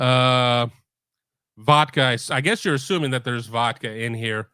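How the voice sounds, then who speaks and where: Host, middle-aged man, casual rambling talker, mid pitch, dead-dry home mic. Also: normal speed, pushed and bright, clean tone, dry recording. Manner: rambling, with many restarts. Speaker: sports podcast host. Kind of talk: casual live-stream chat. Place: home room.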